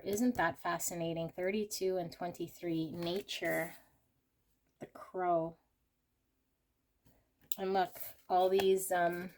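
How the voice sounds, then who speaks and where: A woman hosting a pick-a-card tarot reading, talking in a gushing, exclamatory way as she turns the cards. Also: fairly low pitch. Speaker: tarot reader.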